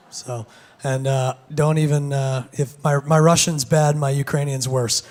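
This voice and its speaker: A man with a hoarse, gravelly voice giving a casual keynote talk on a conference stage, with many fillers and restarts. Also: medium pitch, steady tone, unhurried, a little mellow. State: hoarse, lost voice. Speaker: conference speaker.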